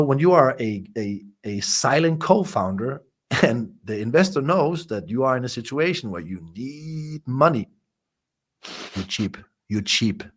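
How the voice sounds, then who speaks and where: Brief: male life coach as a podcast guest, raw and emotional, mid-pitched, swears a lot, stumbles and repeats words. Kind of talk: candid interview storytelling.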